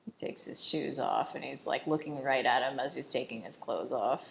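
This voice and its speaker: A woman's voice: rumbling low, normal speed, creaky, a little hiss or hum. A woman casually recapping a film in chatty commentary, saying "like" constantly and laughing often. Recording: dull lo-fi voice recording.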